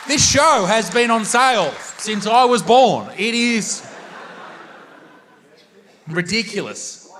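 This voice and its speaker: Aussie comic roasting the crowd, high bright voice, big echoey hall, audience murmur behind. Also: male voice, very animated, slow pace, long pauses. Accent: Australian. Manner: brash, crude banter with the crowd. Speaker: stand-up comedian. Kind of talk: stand-up crowd work. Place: large theatre stage. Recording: live hall reverb with audience noise.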